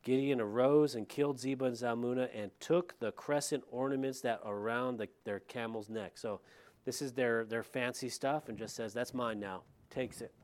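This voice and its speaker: A man, a middle-aged pastor, preaching a verse-by-verse sermon in a conversational way, with lively retelling and asides to the congregation. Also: medium pitch. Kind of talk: expository sermon.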